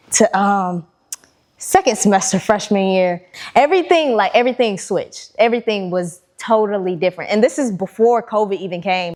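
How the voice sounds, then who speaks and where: A young woman in the host's chair shares her own life story in a candid, conversational way. Her pitch sits in an ordinary middle range. She slips into her past self's thoughts as she talks. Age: young adult. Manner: candid, animated retelling with quoted inner thoughts. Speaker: podcast host. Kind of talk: personal storytelling.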